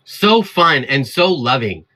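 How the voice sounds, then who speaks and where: A man's voice: mid-range voice, sing-song, slow, bright, forceful tone. A man hosting his own livestream, talking straight at his chat in a heated, defiant rant. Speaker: livestream host.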